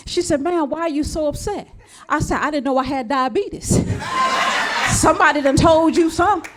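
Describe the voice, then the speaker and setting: Animated woman comic, high voice. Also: a little fast. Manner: animated storytelling, acting out both sides of phone calls. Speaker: stand-up comedian. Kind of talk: stand-up comedy routine.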